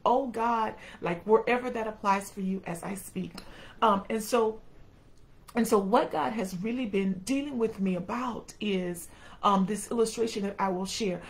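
Gravelly-voiced woman preaching. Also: medium pitch, poor audio. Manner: folksy, calls on the congregation, acts out quotes. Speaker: preacher and educator. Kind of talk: sermon.

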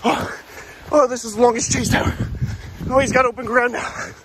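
A high-voiced man, winded from running, narrates his own outdoor vlog in bursts of excited chatter. The audio is rough phone-camera sound in an open field, with wind and outdoor noise clearly audible behind him. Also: moderate pace. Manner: excited, breathless, repeating himself while chasing an animal. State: out of breath. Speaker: vlogger.

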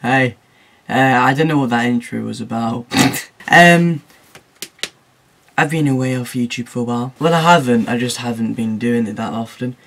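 A man's voice: medium pitch, steady tone, moderate pace, a bit bright. A teenage boy talking casually in a vlog, rambling and jokey, often laughing at his own remarks. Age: teens. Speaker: YouTuber.

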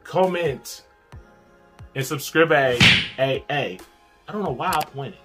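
A man's voice: fairly high pitch, animated, slow, pauses often, loud music behind the voice. A man hosting a reaction video who chats to camera in a rambling, joking way with laid-back slang. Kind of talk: casual chat to camera.

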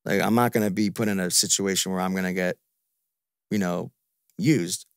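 A man's voice: low-pitched, fairly even intonation, moderate pace, smooth, dry recording, studio quality. A man venting in a frustrated, repetitive, profane way in a casual podcast chat. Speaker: podcast guest.

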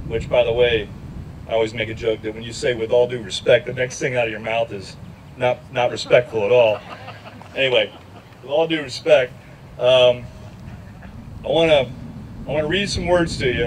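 A man's voice: mid-range voice, a little hiss or hum, poor audio. A man, a journalist, speaking wryly and conversationally before reading aloud to a rally crowd. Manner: wry, conversational. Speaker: outdoors journalist. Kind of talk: speech with reading. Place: outdoors at a riverside lock.

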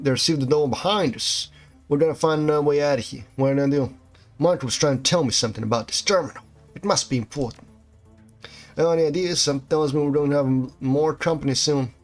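Casual man narrating a game playthrough. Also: a little high. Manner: casual, reads game text aloud and reacts to the action. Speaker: gameplay commentator. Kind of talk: game playthrough, reading dialogue aloud.

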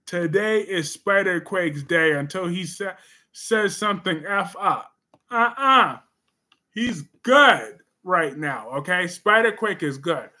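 A sassy male livestream host with a high, bright voice. He talks slowly and emphatically as he reads out viewer comments and answers them, breaking into sudden loud bursts. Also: lively intonation. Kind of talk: casual livestream chat.

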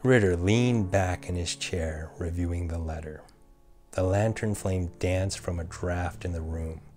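A low-voiced man narrating a scripted spooky tale, measured and deliberate. Faint music plays quietly under his reading. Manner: measured storytelling with character voices. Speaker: storyteller.

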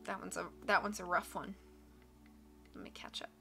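A woman reading a book aloud on a live stream, with expressive narration and casual asides to her chat. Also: on the low side, normal speed, creaky, soft background music.

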